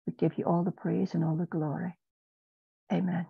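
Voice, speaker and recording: Gravelly woman praying earnestly. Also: lowish voice, level tone, moderate pace, no room sound. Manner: earnest, repetitive pleading prayer. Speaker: prayer group member. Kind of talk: spoken prayer. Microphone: video call. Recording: dull, dry video-call audio.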